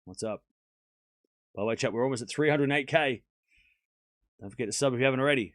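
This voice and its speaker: A man streaming live tennis commentary, calling the points with excitement and chatting and teasing his viewers in between. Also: medium pitch, fast, pauses often, no room sound, studio quality. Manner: excited call-outs of play, then chatty asides to chat; teasing, mock-comforting viewers.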